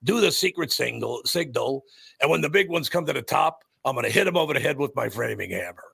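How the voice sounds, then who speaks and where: A man putting on a boastful old-school pro wrestler who brags slowly and smugly. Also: medium pitch, expressive, gravelly, fairly bright tone, breathy edge, pitched above the performer's own voice, heavily acted. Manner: slow, smug bragging.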